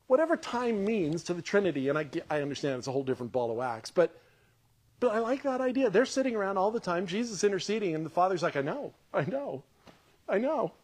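A man's voice: high voice, sing-song, quick pace, a little mellow. A man preaching a podcast sermon in a conversational, emphatic way, repeating his points and laughing often. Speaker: pastor.

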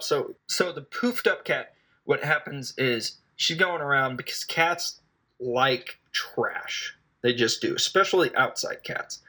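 A man's voice: medium pitch, measured pace, sharp tone. A man casually retelling a film's plot as a reviewer, rambling and hesitant, with jokes along the way. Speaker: film reviewer. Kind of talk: casual spoken film recap.

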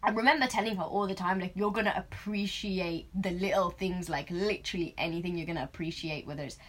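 A woman chatting casually, telling stories animatedly with lots of laughter and loud bursts. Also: fairly low pitch, fast talker. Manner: animated storytelling, laughs a lot, gets loud when excited. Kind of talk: casual chat.

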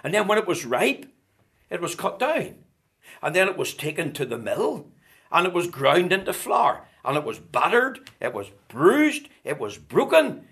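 A man preaching a sermon, building rhetorical questions and swinging from loud declarations to hushed tones. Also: a little high, wildly swooping pitch, measured pace.

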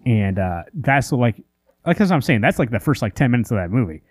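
A man's voice: mid-range voice, big pitch swings, fairly quick, a little mellow, slightly rough, dry recording, clean studio sound, faint music behind. A man co-hosting a podcast in casual chat, rambling with lots of fillers and restarts while he rants in exasperation. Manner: exasperated ranting. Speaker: comic book podcast co-host.

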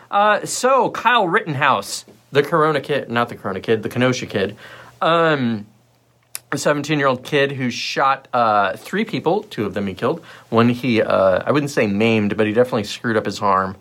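A male livestream host who talks in a loose, rambling way, blunt and sarcastic throughout. His pitch swings widely, giving an animated, restless delivery. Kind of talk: casual solo livestream talk.

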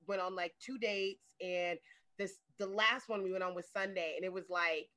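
A woman's voice: on the low side, fairly even intonation, normal speed, sharp tone. A woman talking candidly and profanely in a casual podcast chat, laughing often.

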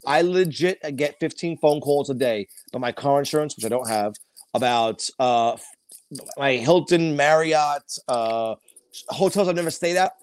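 A man trading stories in a loose, casual chat. His voice sits fairly high, and he talks bluntly and profanely, circling back and restarting as he goes. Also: moderate pace. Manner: blunt, profane, rambling storyteller.

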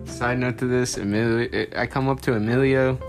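A man jumps in on a casual chat with a side story, clearly amused and laughing as he speaks. His pitch is ordinary and mid-range, and music can be heard plainly in the background. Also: steady tone, moderate pace. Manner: amused, laughing while telling. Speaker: friend on a podcast.

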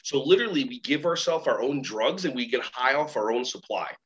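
Lively storytelling man, muffled sound. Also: mid-range voice, fairly quick. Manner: animated, acts out quoted voices of kids and teachers. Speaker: guest, workshop trainer and keynote speaker. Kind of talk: storytelling interview talk. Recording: slightly muffled recording.

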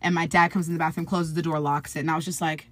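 A woman's voice: low voice, little pitch movement, fast, fairly bright tone. A woman in her twenties in a casual interview, telling a personal story in a chatty way, full of fillers and acted-out quotes. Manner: chatty, filler-heavy, acts out quoted voices. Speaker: guest.

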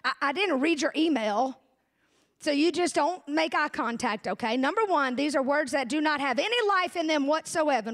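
A woman's voice: high-pitched, very animated, a little fast, a bit bright. A woman pastor preaching a sermon, folksy and humorous, with asides to the congregation.

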